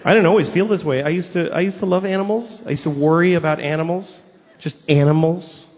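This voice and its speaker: A man in his forties performing a stand-up routine, mixing deadpan storytelling with sudden shouted outbursts. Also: on the high side, brisk. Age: 40s. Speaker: stand-up comedian. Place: theater stage. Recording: reverberant hall with faint noise. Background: audience laughter.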